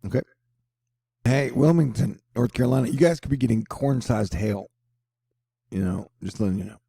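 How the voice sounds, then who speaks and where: A man's voice: medium pitch, normal speed, gravelly, mellow, husky, dry recording, clean studio sound. A middle-aged man hosting casual weather news commentary, rambling with playful jokes and asides. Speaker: host.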